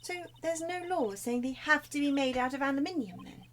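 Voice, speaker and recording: Playful curious young girl, high bright voice, read by a woman streamer. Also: expressive, fairly quick, a little hiss or hum. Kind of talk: reading game dialogue aloud.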